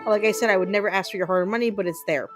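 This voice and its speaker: A woman's voice: medium pitch, rapid-fire, over loud music, poor audio. A woman streamer chatting casually with her viewers while playing a video game, upbeat and full of ums. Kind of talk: casual chat while gaming.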